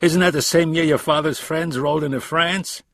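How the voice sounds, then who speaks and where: A man's voice: fairly high pitch, steady tone, moderate pace, fairly bright tone, a little hiss or hum, voice pushed up. Man doing a smug New York tycoon. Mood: smug, pointed. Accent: slight New York. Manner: smug, pointed. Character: smug wealthy American man, threatening.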